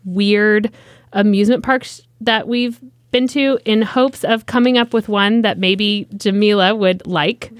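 Woman co-host, mid-pitched, chatty with fillers, dry studio sound. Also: fairly even intonation, a little slow, dry recording. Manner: chatty, filler-heavy talk. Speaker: podcast co-host. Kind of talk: casual panel chat.

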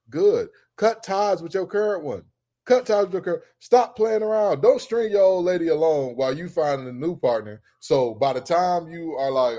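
A man co-hosting a casual sports debate show, arguing his points with heat and climbing into loud, emphatic rants. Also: a little high, lively intonation, a little fast.

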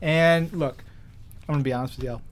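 A man's voice: a little high, steady tone, a little fast. A man with a Long Island or New York accent, co-hosting a podcast and gushing about comics in casual chat. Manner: enthusiastic, gushing. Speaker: podcast co-host.

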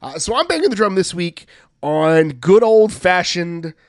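A man's voice: high voice, very animated, measured pace, no echo, clean studio sound. A young man co-hosting a sports podcast, talking earnestly and working himself up to fired-up emphasis. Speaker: podcast co-host. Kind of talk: casual sports podcast chat.

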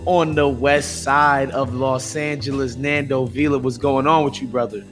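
A man hosting a podcast with casual political commentary, talking in an animated, sarcastic way. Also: mid-range voice, moderate pace, faint music behind. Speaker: podcast host.

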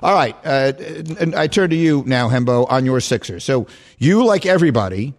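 A man hosting a sports talk radio show, chatting casually, teasing his guests and laughing easily. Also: medium pitch. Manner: animated, quick to laugh and tease.

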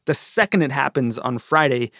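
Male podcast host asking brisk questions. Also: medium pitch, expressive, a bit bright, no echo, clean studio sound. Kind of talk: news podcast interview.

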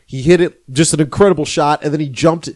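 A man's voice: a little high, fast talker, a little mellow. A man co-hosting a casual sports podcast, earnest and strongly opinionated. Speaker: podcast co-host. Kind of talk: casual chat.

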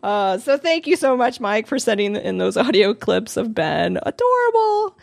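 A woman's voice: medium pitch, moderate pace, vocal fry. A woman co-hosting a podcast, chatting casually, thanking listeners and introducing segments. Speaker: podcast co-host. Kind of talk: casual chat.

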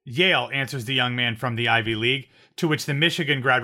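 A man's voice: medium pitch, fairly quick, bright, forceful tone. A man co-hosting a podcast in casual chat, chatty and joking, often restarting his sentences. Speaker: podcast co-host.

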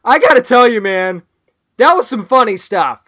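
A man co-hosting a podcast, chatting casually and enthusiastically about a movie he liked. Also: extremely high pitch. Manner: enthusiastic, animated, quick restarts. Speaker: podcast co-host. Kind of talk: casual movie review chat.

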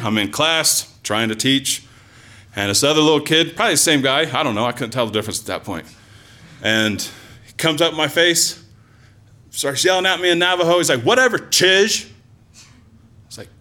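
Guy telling a story on stage, super animated, voice goes up and down a lot, chatty with lots of ums. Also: a little high. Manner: animated, conversational, full of asides and fillers. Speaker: storyteller, former teacher. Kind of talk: live personal storytelling to an audience.

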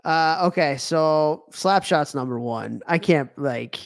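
A man co-hosts a podcast, rambling through a casual chat with lots of fillers and restarts. His voice is a little high with vocal fry, his pace is slow, and the recording is dry.

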